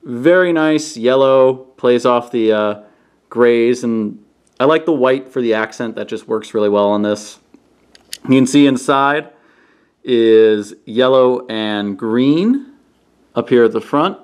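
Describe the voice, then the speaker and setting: A man casually reviewing toys on camera, playful, often breaking into goofy high-pitched exclamations. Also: slow pace, darkish tone, clear, resonant tone. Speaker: toy reviewer. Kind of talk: casual hands-on product review. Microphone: camera he sets up himself.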